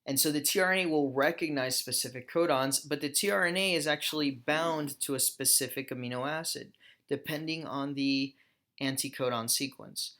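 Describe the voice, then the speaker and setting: Man, professor, recorded slide lecture, bright tense voice, explains step by step. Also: mid-range voice, moderate pace. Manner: explanatory, with small self-corrections.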